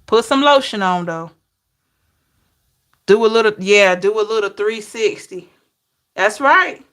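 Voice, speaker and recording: Bright-voiced woman chatting on a live stream. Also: medium pitch. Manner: animated, laughing, talks back to chat viewers by name; drawn-out, incredulous exclamations. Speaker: tarot reader and live-stream host. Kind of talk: casual live-stream chat with viewers.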